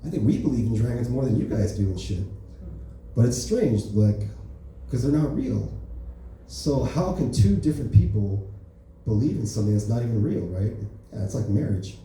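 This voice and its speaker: Male comic at an open mic, dark mellow voice, very echoey club, heard from afar. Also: mid-range voice, animated, moderate pace, distant mic, slight background noise. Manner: loose, offhand, full of "right?" and "you know". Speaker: stand-up comedian.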